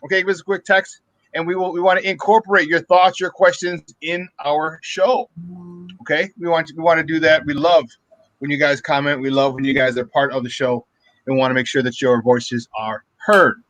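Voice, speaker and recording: A man's voice: on the high side, steady tone, moderate pace, fairly bright tone, no echo, rough recording. A man hosting a casual morning sports talk show, upbeat and laughing often as he talks straight to his listeners. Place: remote virtual studio.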